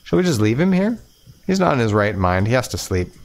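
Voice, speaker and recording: A man voicing a shy, gentle teenage girl in a visual novel, speaking softly and hesitantly. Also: medium pitch, big pitch swings, brisk.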